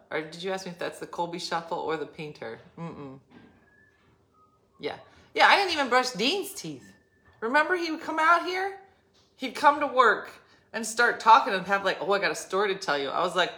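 Blunt, chatty woman with a bright voice. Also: lowish voice, moderate pace. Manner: chatty, blunt, animated storytelling. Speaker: livestream host chatting with viewers. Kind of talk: casual chat. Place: parked car in a parking lot.

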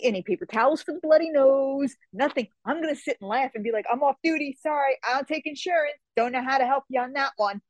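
Woman guest, mid-range voice, lively casual storyteller, dry close mic. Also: mid-range voice, no echo, rough recording. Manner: animated storyteller, acts out quoted lines. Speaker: podcast guest, fantasy novelist. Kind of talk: casual interview chat.

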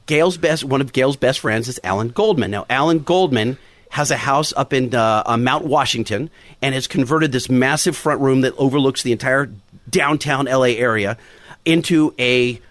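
A man's voice: medium pitch, normal speed, no echo. A man telling a long, rambling story from home in a casual podcast chat. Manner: rambling, goes off on tangents. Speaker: podcast guest. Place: home recording.

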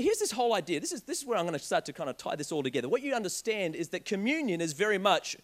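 A young man preaching a sermon, telling a joking personal story in an animated way. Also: high voice. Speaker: pastor.

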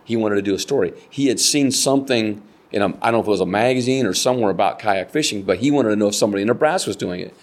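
Older man, low-pitched voice, casual storytelling, acts out quotes, kayak fishing guide. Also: very fast, few pauses. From United States.

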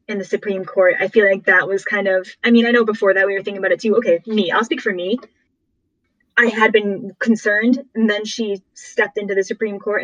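A woman co-hosting a podcast, chatty and quick to agree and laugh. Her voice sits at a middling pitch. The recording is close and dry, with no room sound. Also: no echo, low-quality recording. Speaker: podcast co-host. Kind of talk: casual podcast chat.

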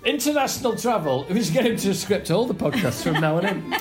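A middle-aged man co-hosts a casual podcast, playful and teasing. His voice sits fairly high and rings in an echoey room. Faint music plays underneath. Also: a little fast. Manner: joking, breaks into mock French and put-on voices. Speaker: podcast co-host. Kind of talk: casual chat, reading listener suggestions.

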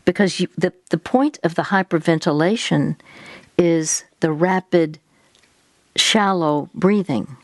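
A woman's voice: on the low side, a little slow, darkish tone, no echo. A woman hosting an advice talk, patiently guiding a caller step by step. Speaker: host giving faith-based advice.

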